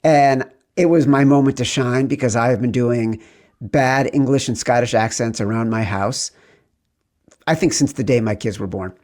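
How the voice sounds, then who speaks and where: A middle-aged man hosts a sports betting podcast with playful, excitable energy. His voice sits at an ordinary pitch, and he stretches some words into sing-song calls before rattling on quickly. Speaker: podcast host.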